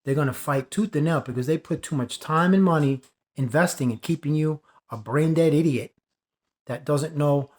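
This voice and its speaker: A man's voice: fairly high pitch, normal speed, darkish tone. A man delivering an impassioned spiritual monologue, preachy and emphatic, driving points home by repeating phrases. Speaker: spiritual video creator.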